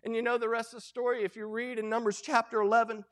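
A middle-aged man preaching a sermon as pastor, folksy and animated, acting out quoted lines. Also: very high-pitched, quick pace.

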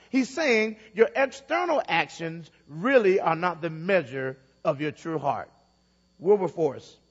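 A man's voice: high voice, fairly bright tone, big-room sound, muffled recording. A man preaching a sermon in a church, telling a story and repeating his phrases to build emphasis. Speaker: pastor.

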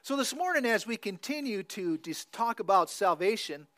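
A male pastor preaching a sermon, deliberate and emphatic. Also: high voice, big pitch swings, fairly bright tone.

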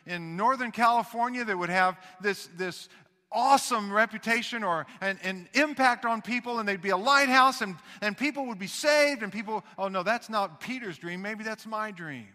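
A man preaching a sermon as pastor, talking conversationally and swinging between loud emphasis and hushed asides. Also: high voice, normal speed, long reverb tail.

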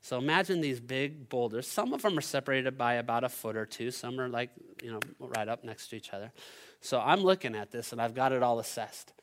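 A middle-aged male pastor with a medium-pitched voice tells a personal story from the pulpit. His delivery is animated and conversational, with a relaxed storytelling flow. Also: brisk. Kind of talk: sermon storytelling.

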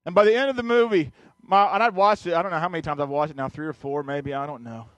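A man's voice: a little high, fast talker, no echo. A male pastor telling a personal story in a sermon, earnest, often restarting and repeating his words. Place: church sanctuary.

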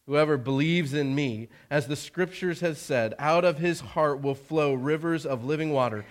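A man reading aloud the words of a calm, authoritative male teacher in a measured, plain way. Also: fairly high pitch, natural voice. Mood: solemn.

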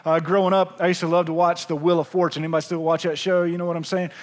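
A pastor preaching to his church, his voice sitting high for a man. He tells his story in an animated, chatty way and keeps turning to the congregation with asides. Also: fast. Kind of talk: sermon with storytelling. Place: church sanctuary.

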